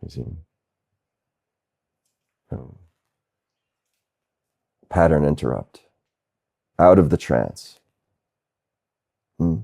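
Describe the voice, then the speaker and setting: A man speaking as a spiritual teacher in a satsang talk, gentle and unhurried, with soft laughs and a questioning "huh?". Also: a bass voice, big pitch swings, creaky. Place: Asheville, North Carolina.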